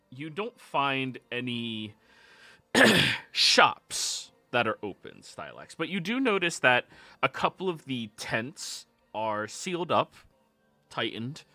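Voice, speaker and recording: A man runs a tabletop game, narrating in a slow, unhurried drawl. His voice is bright and lively, swooping widely in pitch. The sound is dry and close, with faint music under it. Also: no room sound. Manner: slow, measured scene-setting. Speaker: game master. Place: home streaming setup.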